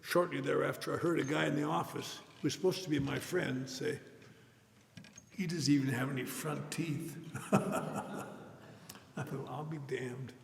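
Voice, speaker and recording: An older man tells his recovery story in a wry, self-mocking way, his voice fairly high and gravelly. He speaks in a big hall with a long reverb tail and faint noise underneath, and an audience laughs along. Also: steady tone, unhurried, long pauses. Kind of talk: recovery meeting talk.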